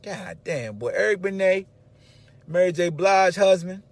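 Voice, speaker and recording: A man hosting his own sports podcast in a loud, animated, slangy monologue, swearing freely and shouting for emphasis. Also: high-pitched, unhurried, dry recording. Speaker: podcast host. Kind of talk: casual sports talk monologue.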